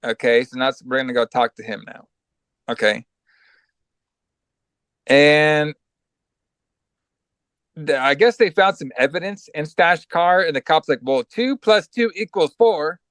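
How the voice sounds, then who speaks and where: A man's voice: fairly high pitch, unhurried, long pauses, fairly bright tone, clean tone, dry recording. A man co-hosting a podcast, casually recapping a movie in a rambling, profane way and acting out lines. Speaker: podcast co-host.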